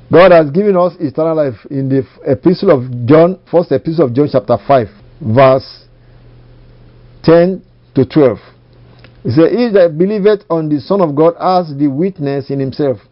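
A man preaching in a measured, mid-pitched voice, drawing out verses and repeating phrases for weight. The recording is dull and lo-fi, with the top end rolled off. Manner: slow emphatic scripture reading with repeated phrases. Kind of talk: sermon.

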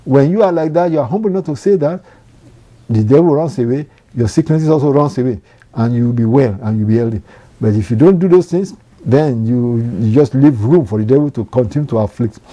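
A man's voice: medium pitch, a little fast, warm tone. A man preaching a sermon, earnest and repetitive, often quoting scripture.

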